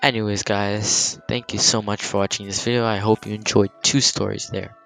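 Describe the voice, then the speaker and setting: A man's voice: on the low side, level tone, moderate pace, creaky, fairly bright tone, faint music behind, rough recording. A man, a gaming YouTuber, casually telling a story-time vlog, rambling with lots of fillers and some swearing.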